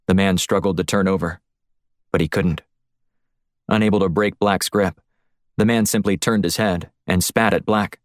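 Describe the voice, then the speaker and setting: A man reading a thriller audiobook in a steady, even storytelling voice, recorded close on a studio mic. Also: low-pitched, moderate pace, long pauses, no echo. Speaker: audiobook narrator. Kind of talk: scripted narration.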